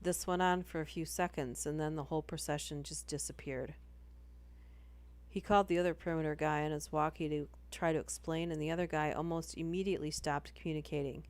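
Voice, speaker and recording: A woman's voice: low voice, fairly even intonation, a little fast, a little mellow. A woman reading ghost stories aloud on a livestream in a casual, chatty way, breaking off into giggles between passages.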